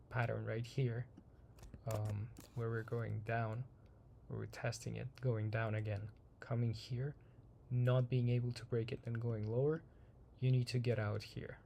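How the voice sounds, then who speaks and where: A man hosting a daily market review, talking casually through charts in a slightly hoarse voice, rambling and repeating himself with many ums. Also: medium pitch, mellow, a little hiss or hum. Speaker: trading channel host.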